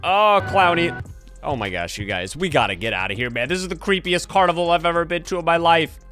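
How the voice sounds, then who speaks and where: A young man commentating on a horror game as he plays, excitable and jumpy, often yelping in fright. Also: on the high side, quick pace, faint music behind. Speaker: gaming YouTuber. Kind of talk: let's play commentary. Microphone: headphones and desk mic.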